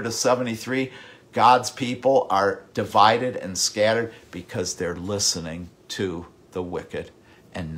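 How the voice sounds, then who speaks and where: A middle-aged man preaching a sermon with passion, repeating words, swinging from loud outbursts to hushed, whispered lines. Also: low voice, a little hiss or hum. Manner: impassioned, with repeated words and sudden drops to a hush. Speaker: pastor.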